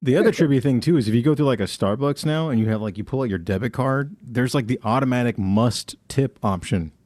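A man's voice: medium pitch, fairly quick, no echo. A man co-hosting a casual comedy podcast, telling anecdotes and acting out other people's voices, with lots of swearing. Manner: animated, acts out voices in anecdotes, heavy swearing. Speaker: podcast co-host.

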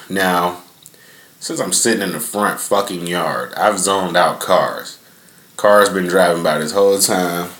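Speaking from his front yard, a young male podcast host tells a loose, profane, rambling story full of fillers. His voice is low and slow with a fairly bright tone, and the sound is reverberant. The mood is laid-back and casual.

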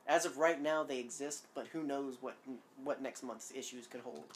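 Woman, very low pitch, from Georgia, podcast co-host, animated chatty delivery, faint noise. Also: normal speed. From Georgia, USA. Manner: laughs often, animated and chatty. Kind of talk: casual podcast chat.

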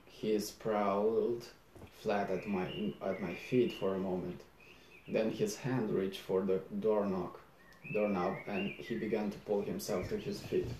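A man reading a novel aloud in first person, low-key and unhurried, with small slips and restarts. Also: a little mellow, a little hiss or hum. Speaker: audiobook reader. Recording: roomy echo.

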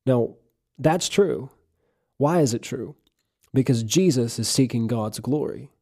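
A preacher delivers an earnest, emphatic sermon, reading scripture passages aloud between his own points. His mellow, dark voice sits at a middle pitch, with lively intonation and a measured pace.

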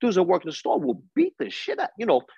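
A man's voice: high voice, wildly swooping pitch, fast, dark tone, breathy edge, no room sound, dull audio. A man in his forties with a New York accent, a coach telling hard-won life lessons in a podcast interview, emphatic and street-wise. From East New York, Brooklyn. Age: 40s. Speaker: guest, coach.

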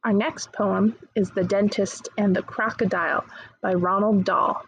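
Woman teacher, gentle and encouraging, husky voice, dry close sound. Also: medium pitch, steady tone, measured pace, no room sound, poor audio. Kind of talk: recorded remote lesson, reading poems aloud.

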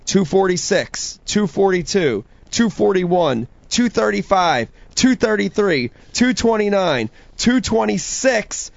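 A man hosting a studio talk show, upbeat and quick to laugh. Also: sits high, very animated, vocal fry, no room sound, muffled recording. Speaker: host.

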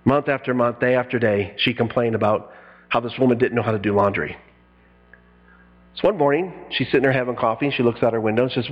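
Animated preaching man, lo-fi sound. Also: mid-range voice, quick pace. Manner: animated preaching with acted-out quotes and sudden loud bursts. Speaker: pastor. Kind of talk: sermon.

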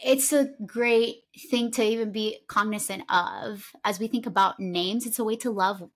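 A woman from Honduras hosting a podcast, talking casually and fast with many restarts. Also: medium pitch. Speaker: podcast host. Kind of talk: casual conversation.

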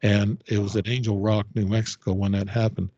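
An older man tells a long personal story as a podcast guest, wandering and restarting his sentences often. His voice sits low, and the recording is dry and a bit dull, with no room sound. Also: flat delivery, warm tone, no room sound. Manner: rambling, halting storytelling with frequent fillers and restarts. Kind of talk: casual storytelling interview.

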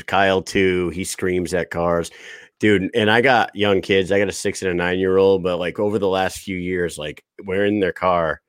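A man's voice: sits low, no echo, clean studio sound. A man in his thirties hosting a podcast in loose, profane casual chat, laughing often. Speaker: podcast host.

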